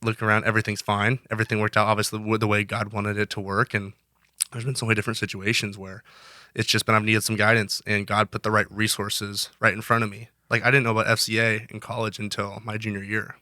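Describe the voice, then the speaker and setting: A man's voice: on the low side, flat delivery, fast, bright, forceful tone, no room sound, studio quality. A young man in his twenties, a guest in an interview, talking earnestly in casual chat, rambling with many restarts. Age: 20s. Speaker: guest, college wrestler.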